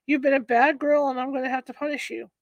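A woman's voice: sits high, fairly even intonation, quick pace, no room sound, highs cut off. A woman reading aloud, voicing a sly adult male stranger who coaxes and threatens. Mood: menacing. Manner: sly, coaxing turning threatening. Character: menacing adult male stranger, coaxing then cruel. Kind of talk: read-aloud storytelling.

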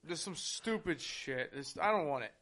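A young man with a notably high voice, chatting on a podcast. He tells stories animatedly, swears freely and slips into other people's voices for quotes. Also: lively intonation, moderate pace, fairly bright tone. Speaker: podcast co-host. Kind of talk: casual chat.

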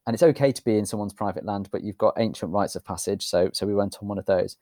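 A man's voice: on the low side, quick pace, mellow, no echo. A British man in casual chat who tells a rambling anecdote in an understated way. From United Kingdom.

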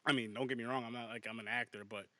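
A man co-hosting a casual movie podcast, talking excitably with lots of swearing and restarts. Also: medium pitch, very fast, dry recording, studio quality. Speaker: podcast co-host.

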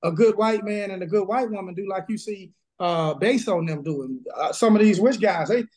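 High-voiced emphatic Southern preacher man. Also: moderate pace, a little mellow. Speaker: pastor. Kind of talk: casual interview, preaching energy. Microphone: video call.

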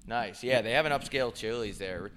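A young man co-hosting a podcast, telling crude jokes and animated stories in casual chat. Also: mid-range voice, brisk, background noise. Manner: crude, joking, animated storytelling. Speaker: podcast co-host.

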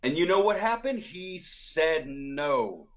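A man in casual podcast conversation whose pitch rises and falls freely as he talks films. He slips into characters' voices to act out lines. He sounds relaxed and chatty. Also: slow. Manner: animated, acts out quoted lines. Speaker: podcast co-host. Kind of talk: casual film discussion.

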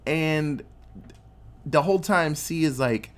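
A man's voice: medium pitch, normal speed. A man casually recapping a movie plot, acting out the characters' lines and swearing freely. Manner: animated storyteller acting out quotes, swears freely.

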